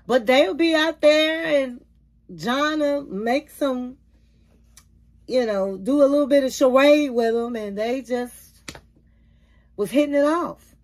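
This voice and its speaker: A woman's voice: sits high, slow pace, pauses often. A woman recapping a reality show for her channel's viewers in a chatty manner, calling them queens, honey and baby. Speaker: YouTube reality-TV reviewer. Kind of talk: casual recap and commentary.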